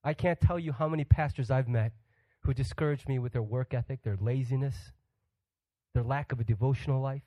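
A man's voice: mid-range voice, a little fast, warm tone, no echo, poor audio. A man preaching a sermon as a guest pastor, joking with the congregation and putting questions to them. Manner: humorous, acts out quoted voices; asks the audience questions.

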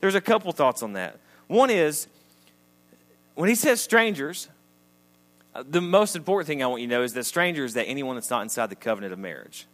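In a church sanctuary, an adult married pastor with a medium-pitched voice preaches to his congregation. He keeps it casual and conversational, swinging between emphatic high points and hushed asides.

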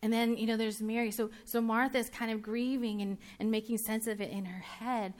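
A woman preaching a casual, conversational sermon, chatty and full of quick restarts, laughing easily and bantering with her listeners. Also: a little high, little pitch movement.

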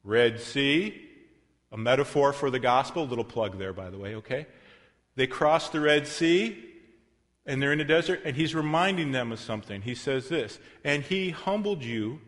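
A man's voice: medium pitch, lively intonation, moderate pace, fairly bright tone. Man, pastor, emphatic sermon, rhetorical questions, long hall reverb.

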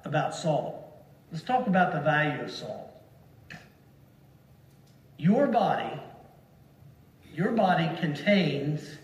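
A man preaching a sermon to a congregation, slow and deliberate, leaning hard on single words to stress them. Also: a little high. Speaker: pastor. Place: church sanctuary. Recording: echoey hall from far off.

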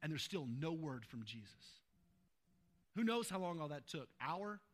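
A male pastor preaching a sermon, swinging between hushed, slow lines and loud, fervent passages. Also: on the high side, sing-song.

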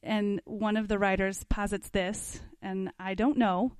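A woman's voice: mid-range voice, little pitch movement, unhurried, darkish tone, clear, resonant tone, dry recording. A woman teaching a parenting class, reading passages aloud from a book and adding casual comments with questions to her listeners. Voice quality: conversational, asks the class questions.

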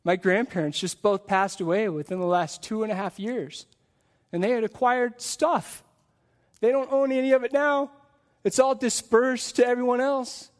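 A man's voice: extremely high pitch, fairly even intonation, normal speed. A male pastor preaching a live sermon to his congregation in a church, earnest and full of repeated rhetorical questions.

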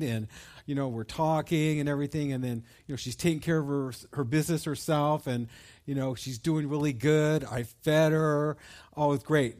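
A middle-aged man telling a personal story at a bible study, folksy and animated, with many fillers. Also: on the high side.

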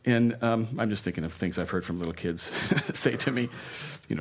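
A man preaching a sermon as pastor, talking conversationally and chuckling at his own asides, moving between loud emphasis and soft, hushed passages. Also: on the low side, moderate pace.

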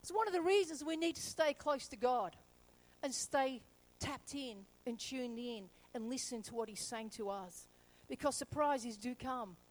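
A woman pastor preaching a sermon, telling a story lively and acting out the characters. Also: a little high, unhurried, low-quality recording.

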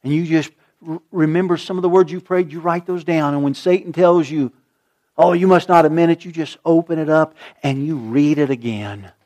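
A male pastor preaching a sermon, swinging from loud emphatic lines to a hushed, slow prayer. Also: fairly high pitch.

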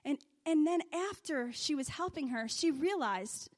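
A woman's voice: high voice, lively intonation, a little slow, few pauses. A woman from Scotland casually telling a faith story as a sermon, rambling with many restarts and fillers. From Scottish. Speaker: speaker sharing a faith story.

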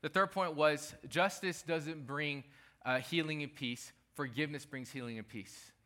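A male pastor delivers a sermon with emphasis, circling back to repeat his main lines. His voice is bright and forceful, sitting a little high for a man. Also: fairly even intonation, normal speed. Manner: emphatic, repeats key phrases.

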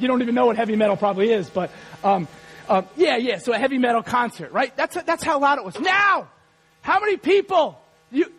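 A man preaching a sermon as pastor, animated and rising to shouts. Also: very high-pitched, poor audio.

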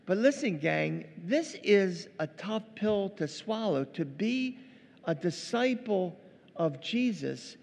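A man preaching a sermon as pastor, animated and acting out quoted voices, in a church. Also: high-pitched, takes it slowly, vocal fry, in a large hall.

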